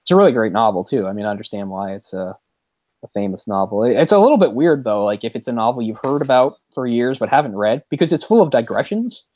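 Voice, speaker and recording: Male podcast host, rambling and animated, mid-pitched, dry close mic. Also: dry recording, lo-fi sound. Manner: rambling, animated, quick laughs. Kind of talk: casual movie chat.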